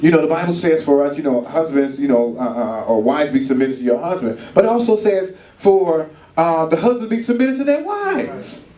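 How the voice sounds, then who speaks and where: A man preaches at a marriage retreat in a casual, storytelling way, slipping into acted voices. His voice sits fairly high for a man and carries through an echoey hall, with the mic some way off. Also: sing-song, moderate pace, warm tone. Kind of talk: sermon. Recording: echoey room, mic far off.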